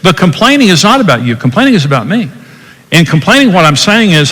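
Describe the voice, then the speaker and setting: A man's voice: a little high, big pitch swings, a little fast, pushed and bright, slightly rough. An older man hosting a podcast, teaching about marriage in an earnest, emphatic way. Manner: earnest, emphatic, acts out quoted dialogue. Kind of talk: teaching talk. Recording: long hall reverb.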